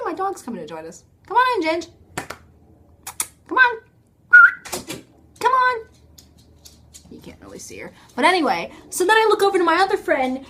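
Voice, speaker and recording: Young woman, high voice, chatty vlogger, rambling, self-interrupting, phone camera at home. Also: a bit bright. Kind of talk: casual storytelling to camera.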